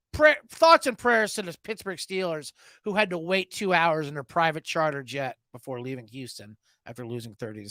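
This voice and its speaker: A man's voice: sits high, pushed and bright, dry recording, clean studio sound. A man in his thirties hosting a sports betting podcast, ranting sarcastically and mocking people with put-on voices.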